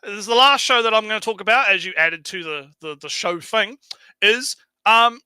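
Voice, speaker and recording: Bright-voiced, animated man chatting. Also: sits high, normal speed, clean tone, dry recording, rough recording. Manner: animated, swearing, acts out quotes in character. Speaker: stream co-host. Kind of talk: casual chat, recapping an anime.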